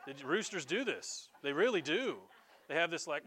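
A man's voice: fairly high pitch, brisk. A middle-aged man, preaching a folksy, joking sermon as pastor. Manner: folksy, animated preaching with jokes and asides.

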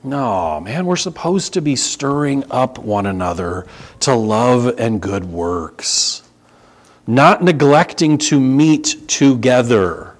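A man with an American accent preaching a sermon in a church, in a conversational, animated way that acts out little dialogues. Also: medium pitch, slow. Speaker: pastor. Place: church sanctuary.

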